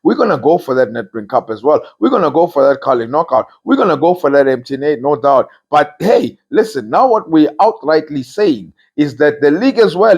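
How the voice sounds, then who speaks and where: A man's voice: fairly high pitch, sing-song, brisk, hardly any pauses, a little mellow, breathy edge. A man hosting a football talk show, giving casual opinion commentary with emphatic, repeated phrases.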